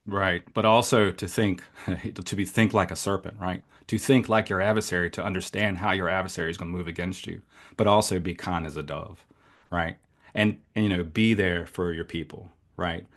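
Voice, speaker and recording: A man who was a paramedic instructor, a guest telling his story in an impassioned way, swinging between soft and loud. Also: low voice, steady tone, moderate pace. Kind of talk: conversational interview.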